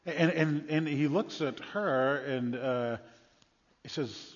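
Husky preacher in a reverberant hall. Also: male voice, fairly high pitch, takes it slowly. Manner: animated storytelling with emphatic bursts. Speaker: pastor. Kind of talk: sermon. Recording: dull lo-fi sound with long hall reverb.

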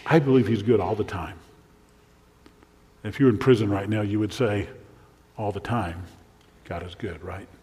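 A male pastor preaching a sermon, asking the listeners questions and swinging between urgent emphasis and a hushed, near-whispered voice. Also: on the low side, normal speed, long pauses. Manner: preaching with rhetorical questions and sudden drops to a hushed voice. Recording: long reverb of a large hall.

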